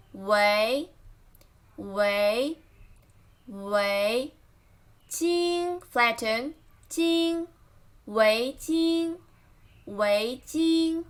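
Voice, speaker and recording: A woman teaching vocabulary in a lesson, slowly repeating each word and naming its tones. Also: high-pitched, a bit bright. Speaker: Chinese language teacher.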